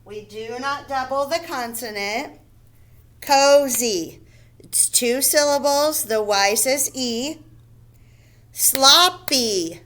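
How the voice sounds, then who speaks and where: Slow, patient first grade teacher woman. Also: high voice, a bit bright. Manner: slow, deliberate, spells words out letter by letter; repeats words and checks with "okay?" and "right?". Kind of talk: recorded phonics lesson.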